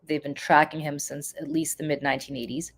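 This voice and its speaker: A woman's voice: deep voice, flat delivery, brisk. A woman with a congested voice, giving casual live-stream political commentary and chatting with viewers, with frequent ums.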